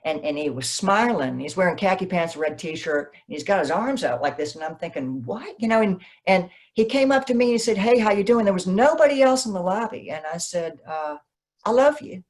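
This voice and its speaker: A woman novelist, a guest in an interview, telling stories in a lively way and acting out what people said. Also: lowish voice, brisk, hardly any pauses. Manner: animated, acts out quoted dialogue. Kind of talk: conversational interview, storytelling.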